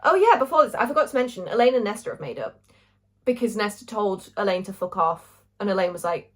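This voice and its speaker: A woman's voice: mid-range voice, lively intonation, brisk. A young woman reviewing a book in casual, gushing chat, swearing freely.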